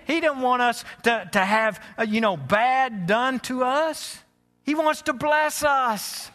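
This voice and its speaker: A man's voice: sits high, bright, forceful tone, in a large hall. A man with a Southern US accent preaching a sermon as pastor, folksy and joking, often restarting his sentences. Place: church sanctuary.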